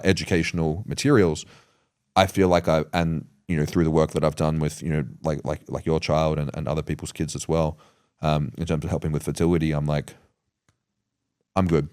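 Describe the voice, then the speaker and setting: A man's voice: very deep voice, a little mellow, smooth, no room sound, studio quality. An Australian man in his thirties talking earnestly and reflectively in a casual podcast conversation, with many fillers and restarts. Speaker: podcast host.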